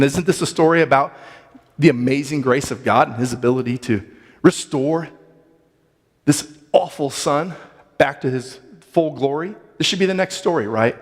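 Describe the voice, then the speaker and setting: An earnest male preacher with a slightly raised voice, reflecting aloud on a scripture passage. He asks rhetorical questions and restarts phrases as he goes. His words carry a long reverb through the church. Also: fairly high pitch. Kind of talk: sermon reading and reflection. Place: church sanctuary.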